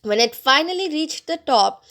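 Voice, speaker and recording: A woman narrating a story as an audiobook reader, expressive and bringing out the dialogue. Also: sits high, normal speed.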